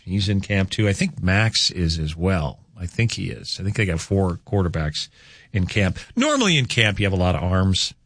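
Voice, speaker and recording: A man hosting a local morning radio show, chatting loosely with plenty of fillers before reading sports news. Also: low-pitched. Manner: rambling, chatty, many fillers. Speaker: radio host. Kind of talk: casual morning radio chat and sports update. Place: radio studio.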